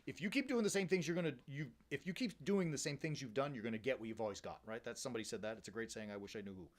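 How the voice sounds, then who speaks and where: Energetic, conversational male priest preaching. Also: mid-range voice, very fast. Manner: energetic and conversational, keeps checking in with "right?"; uses casual slang like "bro" and "baby". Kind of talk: sermon.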